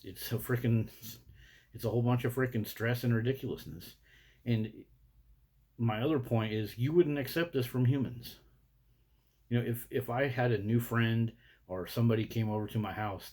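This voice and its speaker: A man ranting into the camera, blunt and indignant, with plenty of swearing. His voice is low and dark with a husky edge. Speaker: vlogger. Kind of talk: profane rant to camera.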